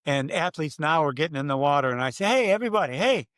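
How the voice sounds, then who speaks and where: An older man with a fairly high voice, a race announcer, spins stories as a podcast guest. He punches up the lines he once said, recreating them with gusto. The sound is close and dry. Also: fast talker, smooth, no echo. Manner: animated, acts out his own quotes loudly. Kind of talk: storytelling in a podcast interview.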